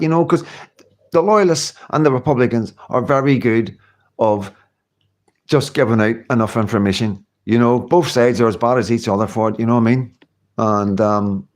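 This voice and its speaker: Reading out comments on his own livestream, a Scottish-accented man in middle age speaks in a lowish, slightly mellow voice. He's chatty and rambling, laughs a lot, drifts into asides and uses many fillers.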